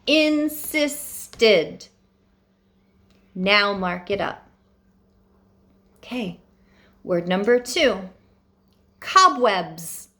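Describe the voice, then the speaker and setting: Slow, sing-song phonics teacher woman. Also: fairly high pitch. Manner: slow, careful, sing-song dictation with deliberate pauses. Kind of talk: phonics lesson for young students.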